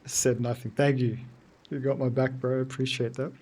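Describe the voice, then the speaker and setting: A man's voice: medium pitch, little pitch movement, normal speed, darkish tone, slightly rough. A man in his thirties chatting casually while streaming a game, loose and joking, answering his chat. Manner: loose, joking, sweary, talks to chat between game moments.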